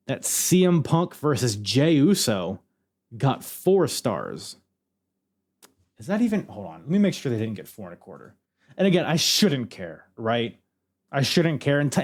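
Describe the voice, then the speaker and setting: A man hosting a podcast alone, excitedly recapping a wrestling match move by move and swearing freely. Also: medium pitch. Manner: excitable, swears freely, calls moves like a commentator. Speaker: podcast host.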